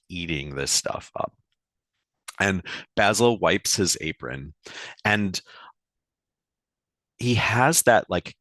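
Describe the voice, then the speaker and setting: Low-pitched man, bright tone, unhurried, hesitant tabletop narration. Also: no room sound. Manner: halting, many fillers and restarts. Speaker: tabletop game player. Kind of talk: narrating a tabletop game scene.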